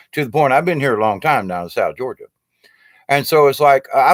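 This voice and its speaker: A man in his sixties with a Southern US accent, a storyteller telling a rambling, humorous monologue in a folksy, drawn-out way full of "you know". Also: mid-range voice, no room sound, clean studio sound. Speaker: storyteller and puppeteer.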